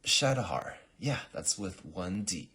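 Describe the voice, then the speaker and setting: A man's voice: low voice, expressive, a little slow, pushed and bright, breathy edge, exaggerated voice. A man voicing an earnest male assassin who speaks with theatrical pleading.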